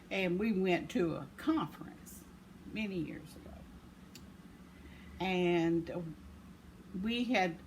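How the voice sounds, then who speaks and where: An older woman, casually telling a rambling story with self-deprecating chuckles. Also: lowish voice. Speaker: vlogger. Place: home. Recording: noisy home recording.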